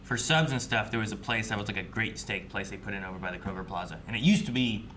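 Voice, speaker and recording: Young male co-host, bright and tense timbre, animated storyteller, faint noise floor. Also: on the low side, fast. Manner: animated storyteller, laughs while telling. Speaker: reaction show co-host. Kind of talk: casual chat.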